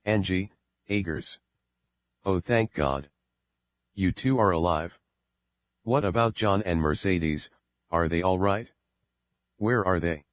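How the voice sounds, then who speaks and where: A man voicing a calm, comforting middle-aged mother in an audiobook, in a steady low voice on a dull recording. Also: takes it slowly, long pauses, dry recording. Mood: urgent.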